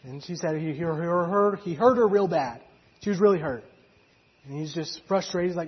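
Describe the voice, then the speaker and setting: A man's voice: a little high, normal speed, slightly rough, highs cut off. A man preaching, retelling a story in a conversational way with fillers and acted quotes. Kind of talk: sermon storytelling.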